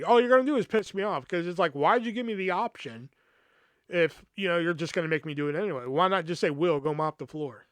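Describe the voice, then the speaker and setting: A man's voice: a little high, quick pace, fairly bright tone, no room sound. A young man hosting a podcast, telling a work story in a casual, profane way and acting out the quoted dialogue. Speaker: podcast host.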